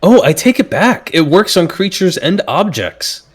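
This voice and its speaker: A man's voice: high voice, very animated, slightly rough. A man narrating a tabletop game as game master, hesitant and full of fillers. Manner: slow, hesitant, lots of fillers.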